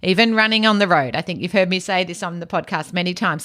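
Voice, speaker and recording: Calm, low-key woman podcast host. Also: fast, few pauses. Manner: calm, low-key, near-monotone delivery. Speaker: podcast host and autism educator. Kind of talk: educational podcast talk.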